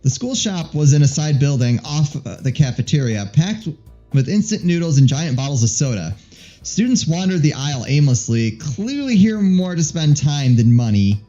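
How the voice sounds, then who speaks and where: Male let's-play host, mellow voice, dull recording with soft music. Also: a little high, very animated, moderate pace. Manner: playful, laughing, reads the narration. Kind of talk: reading a visual novel aloud with a partner.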